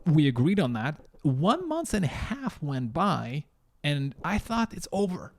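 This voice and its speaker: Animated young man. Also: a little high, unhurried, creaky. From Ukraine. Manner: animated, blunt, swears freely, chuckles through anecdotes. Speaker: vlogger. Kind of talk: casual storytelling to camera.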